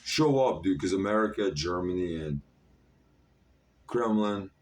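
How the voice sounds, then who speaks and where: Talking to camera in an unhurried, deep voice, a man in his thirties rambles in a scattered way, leaning heavily on fillers. He comes across as slightly distant from the mic.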